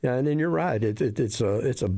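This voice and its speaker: A middle-aged man and interview guest, speaking in a halting way that often repeats words as he starts sentences. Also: medium pitch, creaky, crowd noise. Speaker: wrestling referee, guest. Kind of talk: casual interview.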